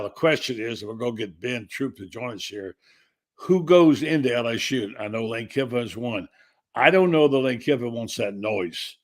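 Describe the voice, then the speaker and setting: A man's voice: mid-range voice, fairly bright tone. A man hosting a sports talk show, giving blunt opinions in a conversational way. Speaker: host. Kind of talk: casual sports talk discussion.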